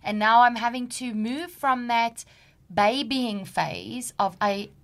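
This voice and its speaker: A woman's voice: on the high side, slow. A woman co-hosting a podcast, a mother speaking in a reflective way and searching for her words. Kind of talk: casual podcast conversation.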